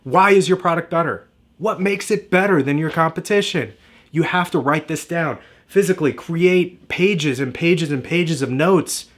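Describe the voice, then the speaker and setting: A man's voice: fairly high pitch, moderate pace, a bit bright, a little hiss or hum. A man giving a direct-to-camera marketing lesson, emphatic and repetitive in a motivational way. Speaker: marketing coach.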